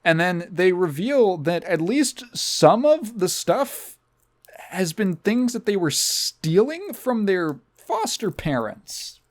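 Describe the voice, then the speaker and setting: A man hosting a casual podcast, recapping a movie with rambling sarcasm and plenty of swearing. His pitch swoops up and down constantly as he talks. The tone stays loose and conversational throughout. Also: sing-song, takes it slowly. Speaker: podcast host.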